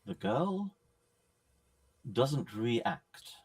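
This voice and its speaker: A man running a horror tabletop game as game master, narrating scenes in a measured, descriptive way with pauses. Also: a little high, very animated, gravelly, a little mellow.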